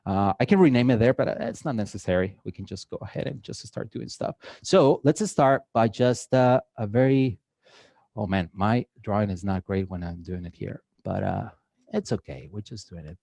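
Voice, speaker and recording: A man's voice: fairly low pitch, moderate pace, mellow, no echo, studio quality. A man with a Mexican accent giving a live drawing workshop to an audience, chatty and joking with many filler uhs. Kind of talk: casual live demo talk to an audience. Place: event hall with an audience.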